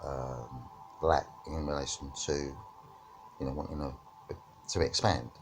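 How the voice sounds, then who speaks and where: A man's voice: extremely low pitch, steady tone, unhurried, noisy background. A man teaching about witchcraft and spirituality in a reflective discussion, often checking in with "right?" and "yeah?".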